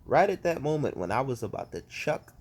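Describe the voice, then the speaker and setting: A man giving a casual, ranting review as a vlogger, animated and profane, full of exasperated outbursts. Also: medium pitch, a little fast, husky. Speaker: wrestling fan vlogger.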